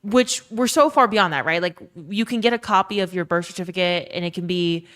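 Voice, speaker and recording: A woman's voice: on the low side, fairly quick, a bit bright. A young woman from Louisiana with a faded Southern accent, chatting casually on a live stream, swearing freely and greeting viewers by name. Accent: faded Southern American.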